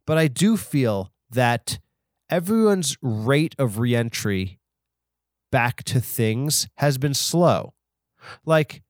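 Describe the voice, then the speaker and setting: A man's voice: medium pitch, no echo. Man, podcast host, rambling casual chat, dry close mic. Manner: rambling, many fillers and restarts.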